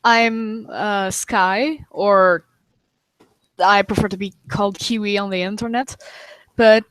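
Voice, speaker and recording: A woman from Quebec, Canada, speaking in an unhurried way with pauses as a guest on an online panel. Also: mid-range voice, steady tone, a bit bright, smooth. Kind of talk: casual chat.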